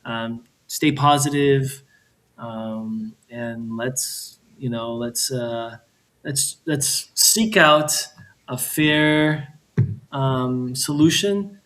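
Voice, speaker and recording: A man speaking as a guest on a livestream, measured and hesitant, pausing often with fillers. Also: medium pitch, fairly bright tone. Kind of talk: casual livestream chat.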